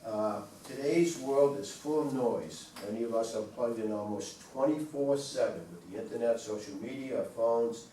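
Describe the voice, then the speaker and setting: A man gives a wellness talk to a small group in a mellow, mid-range voice at a moderate pace with hardly any pauses. He's conversational, asks the audience questions, and repeats points. The recording is roomy and distant, with faint room noise.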